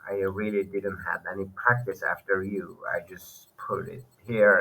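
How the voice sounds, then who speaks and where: A man's voice: fairly low pitch, sharp tone, low-quality recording. Hesitant man. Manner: hesitant, many fillers and self-corrections. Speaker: language learner teaching online. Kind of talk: casual screen-share lesson.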